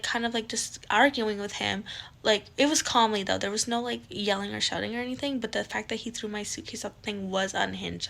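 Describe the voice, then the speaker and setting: A woman's voice: mid-range voice, vocal fry, a bit bright. A young woman telling a rambling storytime to her viewers, full of "like" and "right?" asides. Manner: rambling, filler-heavy, lots of "like" and "right?". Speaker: vlogger. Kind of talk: casual storytime.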